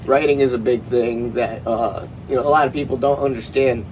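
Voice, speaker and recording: A man's voice: mid-range voice, steady tone, brisk, a little mellow. A man hosting a podcast, easygoing and curious, swearing casually as he asks questions. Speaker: podcast host. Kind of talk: casual interview chat. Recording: distant mic with faint background noise.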